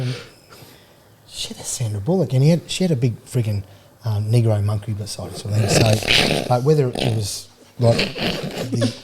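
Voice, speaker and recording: A man's voice: medium pitch, noisy background. A middle-aged Australian man, a former footballer, telling rambling stories in a studio chat, with restarts and laughter. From Queensland, Australia. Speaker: podcast guest, former rugby league player. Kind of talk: casual storytelling chat. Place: radio studio.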